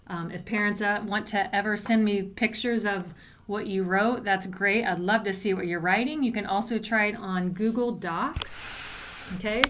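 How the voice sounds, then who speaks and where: A woman's voice: mid-range voice, fairly even intonation, normal speed, fairly bright tone, slight background noise. A woman teacher giving a recorded writing lesson to young students, patiently explaining step by step and sounding out letters. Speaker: elementary school teacher.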